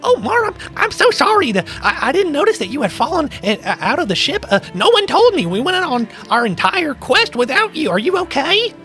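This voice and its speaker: Man doing a tiny squeaky goblin captain. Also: sing-song, fairly quick, hardly any pauses, faint music behind, heavily acted. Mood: apologetic. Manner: frantic, apologetic shouting.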